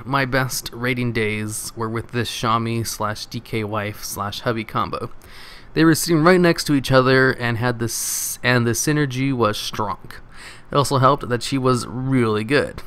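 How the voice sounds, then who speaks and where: Male host reading posts aloud, relaxed and casual, mid pitch, chuckles between stories. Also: clean tone. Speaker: reddit story reader.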